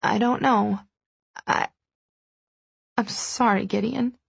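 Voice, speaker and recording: Lady doing a teary shaky young woman, halting, raspy, audiobook. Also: mid-range voice, fairly even intonation, pitched above the performer's own voice, exaggerated voice. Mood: shaken. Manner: halting, unsteady. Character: tearful shaken young woman, the heroine. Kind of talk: audiobook dialogue.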